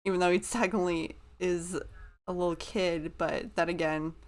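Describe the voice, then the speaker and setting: A woman's voice: lowish voice, fairly even intonation, normal speed. A woman hosting a reaction video, enthusiastic, laughing often and gushing over what she watches.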